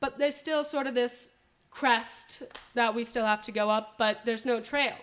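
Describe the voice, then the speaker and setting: A woman's voice: fairly high pitch, measured pace, fairly bright tone. A young woman telling a personal story live at a story slam, chatty and full of fillers like "like", on a stage mic. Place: indoor winery event space.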